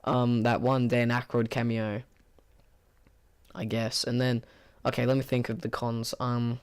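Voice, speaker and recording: A man with a hoarse, tired voice giving a casual spoken movie review, rambling with many fillers and restarts in a flat, bored-sounding way. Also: mid-range voice, unhurried.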